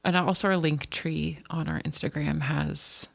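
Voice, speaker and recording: Brief: woman co-host, gravelly fry, chatty and rambling, dry close sound. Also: deep voice, steady tone, unhurried, dry recording. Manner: chatty, rambling with frequent restarts. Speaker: podcast co-host. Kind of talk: casual chat.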